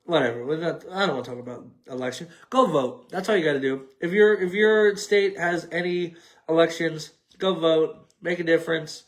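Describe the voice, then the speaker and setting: A man's voice: a little high, normal speed. A man hosting a solo sports podcast, talking in a rambling, jokey way with a nasal, mumbling voice and many fillers. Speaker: podcast host. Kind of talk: solo sports talk show wrap-up. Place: home setup on a tripod.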